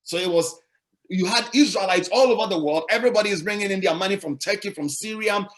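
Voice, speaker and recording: A man's voice: sits high, fast, a bit bright. A male pastor preaching a sermon, emphatic and repetitive, asking the congregation rhetorical questions.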